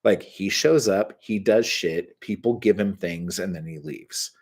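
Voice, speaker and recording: A man with a deep, slightly husky voice talks off the cuff, loose and profane. He piles up filler words as he spins stories and reacts to his live chat. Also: a little slow. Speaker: host answering live chat. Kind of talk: casual storytelling chat.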